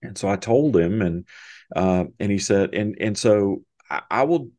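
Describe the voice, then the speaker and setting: A middle-aged man, a podcast guest, telling a personal story in a halting, emotional way with many restarts. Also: on the low side, lively intonation, a little mellow, dry recording. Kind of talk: conversational storytelling.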